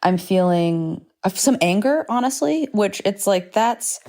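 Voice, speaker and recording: A woman's voice: medium pitch, animated, a little slow, a little mellow. A woman in her thirties hosting a solo podcast, talking frankly and rambling with self-deprecating asides and swearing. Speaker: podcast host. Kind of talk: candid solo podcast monologue. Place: home recording space with planes overhead.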